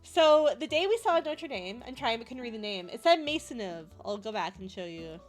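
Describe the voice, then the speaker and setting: A woman streamer with a high voice chats casually and giggles a lot between her thoughts. Quiet music plays softly behind her. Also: lively intonation, normal speed. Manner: giggly, laughs often, chatty. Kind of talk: casual chat.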